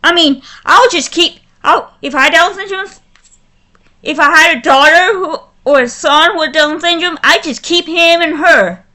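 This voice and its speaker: A woman ranting in a vlog, furious and halting, often breaking off and restarting her sentences. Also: extremely high pitch, bright, forceful tone. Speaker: vlogger.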